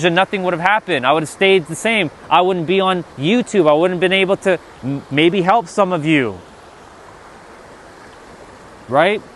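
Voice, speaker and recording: A man's voice: high-pitched, fairly bright tone, slight background noise. Emphatic, swearing man streaming outdoors. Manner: emphatic and profane, repeats "right?". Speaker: spiritual streamer. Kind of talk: live-stream pep talk, answering chat. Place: outdoors by the water.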